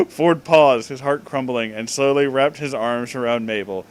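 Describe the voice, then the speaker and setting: A man's voice: medium pitch, normal speed, hardly any pauses. Young man reading fan fiction aloud. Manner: incredulous, laughs often, deadpan reading. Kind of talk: comedic reading with commentary.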